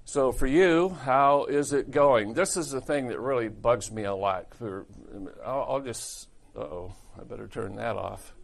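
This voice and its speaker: A man's voice: mid-range voice, unhurried, vocal fry, few pauses. A male pastor preaching a sermon in a blunt, folksy, conversational way.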